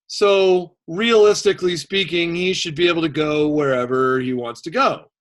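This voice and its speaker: A male history teacher lecturing a class in a loose, conversational way. His voice sits a little high for a man, and he drifts into joking asides full of fillers before circling back to the lesson. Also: fairly even intonation, moderate pace, fairly bright tone.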